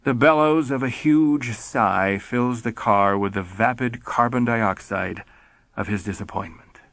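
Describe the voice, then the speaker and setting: A man reading an audiobook in a measured, wry storytelling manner. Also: medium pitch, a bit bright, no echo. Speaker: audiobook narrator. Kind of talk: scripted narration.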